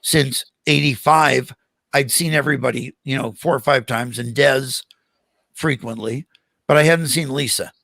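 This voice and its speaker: An older man, a guest on a podcast, telling animated stories in casual conversation and acting out the voices of the people in them. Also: mid-range voice, normal speed, gravelly, no room sound. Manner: animated anecdotes with acted-out quotes. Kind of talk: casual storytelling interview.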